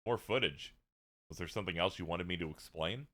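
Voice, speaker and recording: A man doing a calm, gently teasing young mother. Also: sits low, a little fast, voice pushed down. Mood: gentle.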